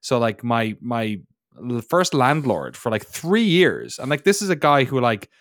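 A man's voice: medium pitch, sing-song, unhurried, no room sound. Irish male co-host, playful banter, dry booth sound. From Ireland. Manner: joking, playful. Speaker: podcast co-host. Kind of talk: casual chat.

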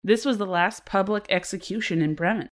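A woman's voice: mid-range voice, brisk. A woman co-hosting a casual true-crime podcast, reading case notes and breaking into laughter. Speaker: podcast co-host.

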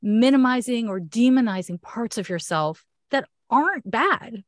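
A woman's voice: a little high, lively intonation, unhurried, dry recording, studio quality. Chatty Canadian woman, frank astrologer. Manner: chatty, frank, laughs often. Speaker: astrologer giving a reading. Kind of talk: casual one-on-one reading.

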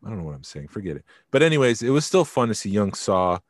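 Man, podcast co-host, very deep voice, rambling casual chat, dry sound. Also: sing-song, quick pace, no room sound. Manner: rambling, trails off mid-thought.

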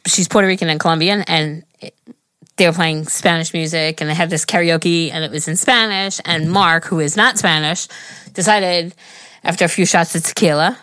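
A woman in her forties co-hosting a chatty podcast, her voice sitting low for a woman. She swears freely and acts out other people's lines as she tells her stories. Her voice is recorded dry and close, with no room sound. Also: normal speed, fairly bright tone, dry recording. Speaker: podcast co-host. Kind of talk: casual chat.

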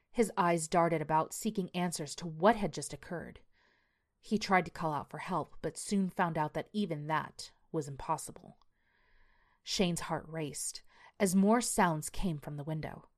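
Low-voiced woman narrating horror. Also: a little mellow.

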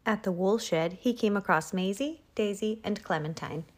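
A woman reads a children's picture book aloud with expressive, animated delivery. Her voice is medium-pitched and her pace moderate.

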